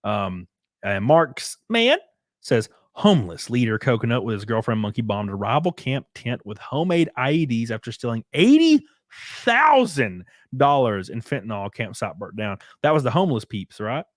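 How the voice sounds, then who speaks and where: A laid-back man with a Southern US rural drawl talks loosely to his stream chat, swearing freely as he goes. His voice sits at an ordinary pitch for a man, and the sound is dry and close to the mic. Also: big pitch swings, moderate pace, dry recording. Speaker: streamer reading super chats. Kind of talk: casual livestream chat.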